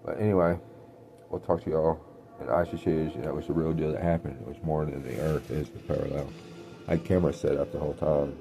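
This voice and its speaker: A man talking in a meandering spiritual monologue, trailing off with many pauses, as a self-described clairvoyant. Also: rumbling low, fairly even intonation, gravelly, music in the background.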